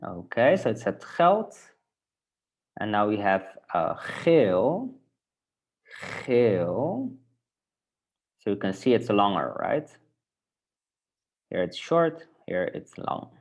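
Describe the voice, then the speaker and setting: Slow, gravelly man teaching. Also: on the low side, big pitch swings. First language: Dutch. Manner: patient, repeats words for learners to copy. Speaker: language teacher. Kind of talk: language lesson.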